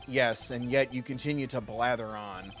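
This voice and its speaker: A man's voice: medium pitch, fairly even intonation, fairly bright tone, soft background music, voice pushed down, close to an everyday voice. A man reading a dry, stern prosecutor. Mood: cool. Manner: dry, measured and formal. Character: stern composed male prosecutor. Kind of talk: reading game dialogue aloud on stream.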